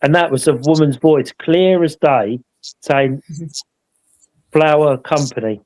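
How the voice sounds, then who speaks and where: Man, slightly high voice, casual rambling storyteller, tag questions. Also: unhurried, a little mellow, low-quality recording. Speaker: paranormal investigator co-hosting a live show.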